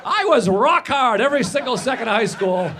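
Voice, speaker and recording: A man delivers a stand-up routine in a high, lively voice that swings through a wide range. His storytelling is sardonic and exaggerated. The clip is noisy, played back in a reaction video. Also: fairly quick. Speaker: stand-up comedian.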